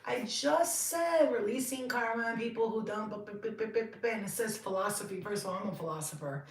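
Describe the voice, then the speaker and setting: A woman in her thirties talks through a tarot reading in a loose, rambling way, swearing freely and getting excitable. Her voice sits at a middling pitch. It sounds roomy and set back from the microphone. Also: moderate pace, hardly any pauses, far from the mic. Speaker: tarot reader. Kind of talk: casual tarot reading monologue.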